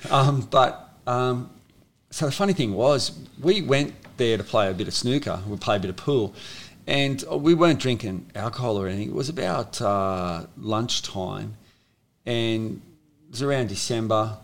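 A man's voice: medium pitch, expressive, normal speed, vocal fry. An Australian man in his fifties, a former rugby league player, telling stories in a casual, rambling way with many restarts. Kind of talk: casual storytelling interview.

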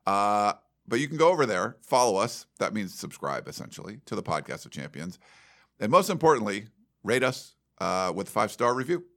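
A man's voice: lowish voice, big pitch swings, a little fast, fairly bright tone. A man co-hosting a podcast in a studio, in casual, rambling chat full of fillers. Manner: rambling, laid-back, lots of fillers. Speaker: podcast co-host.

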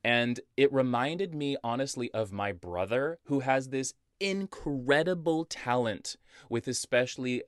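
A man co-hosting a casual podcast, retelling a film scene by scene with lively voiced asides for the characters. His voice sits at an ordinary middle pitch. The recording is close and dry, with no room sound. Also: measured pace, dry recording. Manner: animated storyteller who acts out characters' lines. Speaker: podcast co-host. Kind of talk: casual chat recapping a movie.

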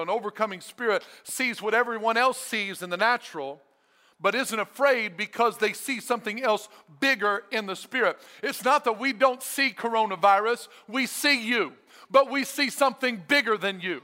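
High, bright-voiced preacher in a reverberant hall. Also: male voice, normal speed. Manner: energetic, emphatic preaching with repeated phrases. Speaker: pastor. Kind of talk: sermon. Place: church sanctuary.

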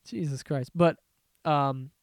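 A man's voice: a little high, fairly even intonation, takes it slowly, dry recording, studio quality. A young man hosting a podcast, telling a story in a casual, profane, exasperated rant with jokes. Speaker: podcast host. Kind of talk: casual ranting monologue.

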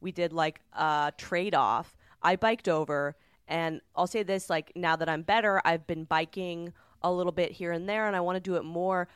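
A woman co-hosting a casual podcast chat, telling stories with animated swearing and loud quoted outbursts. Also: lowish voice, moderate pace, clean tone, no echo, studio quality. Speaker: podcast co-host. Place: recording space in New York.

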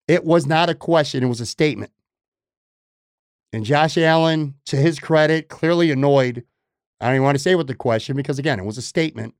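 A man's voice: a little high, clean tone, no echo, clean studio sound. A man hosting a sports podcast, delivering an emphatic, opinionated monologue that repeats points for stress. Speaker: podcast host.

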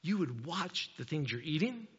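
A man's voice: a little high, big pitch swings, normal speed, slightly rough. A middle-aged man preaching a sermon as a pastor, telling stories animatedly, acting out voices and asking rhetorical questions. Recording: dull sound with long hall reverb.

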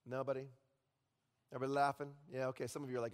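A male pastor preaching a sermon, telling stories and dropping at times to a hushed voice. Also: medium pitch, level tone, racing, smooth. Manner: storytelling with sudden drops to a hushed voice. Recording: long reverb in a large hall.

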